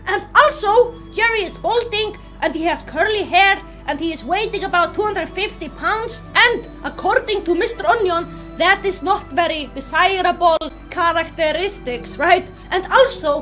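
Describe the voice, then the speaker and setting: A woman with an Icelandic accent and a very high, bright-sounding voice. She is giving a casual, comedic book review at home. She is sarcastic and excitable, and she often bursts into loud exclamations. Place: home room with pets.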